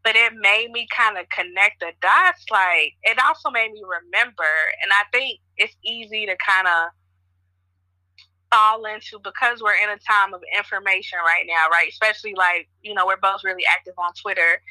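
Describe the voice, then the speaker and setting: A woman's voice: mid-range voice, normal speed, bright, forceful tone, no room sound, low-quality recording. A woman hosting a podcast from Chicago, chatting casually and telling stories with lots of fillers. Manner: chatty, storytelling, frequent fillers. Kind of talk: casual conversation.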